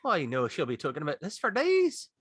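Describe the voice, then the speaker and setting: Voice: mid-range voice, wildly swooping pitch, fairly quick, dry recording, studio quality. A player voicing a chatty travelling trader. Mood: friendly. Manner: warm, chatty in character. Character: cheerful travelling trader and teacher.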